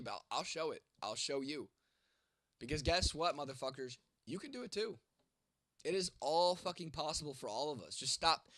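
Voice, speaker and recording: His voice sits on the high side and is a bit bright, with no echo. He's a content creator, twenty-nine, answering his livestream chat at home at night, congested from a cold and losing his voice, and he's blunt and very profane.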